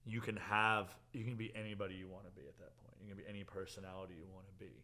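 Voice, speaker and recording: This podcast host is a young man whose low-pitched voice moves very fast. Chatting casually, he tells stories animatedly, acting out quotes and laughing frequently.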